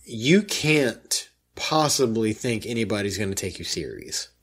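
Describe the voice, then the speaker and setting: A husky-voiced man co-hosting a casual podcast chat. He rants with real indignation, and his pitch leaps and dips all over as he gets worked up. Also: a little slow. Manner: indignant, animated ranting storyteller. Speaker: podcast co-host.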